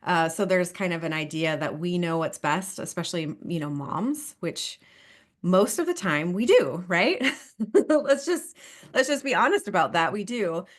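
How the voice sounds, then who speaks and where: A woman in her thirties speaks in a low, chatty voice as a couples therapist on a podcast. She laughs easily and keeps checking in with "right?" and "you know". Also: lively intonation, unhurried. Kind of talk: podcast interview.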